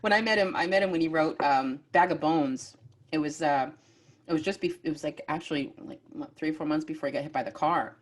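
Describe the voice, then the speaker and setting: Woman, low voice, from Maine, podcast host, casual rambling storyteller. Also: fairly quick. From Maine, USA. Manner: animated storyteller, many fillers and restarts. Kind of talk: casual chat.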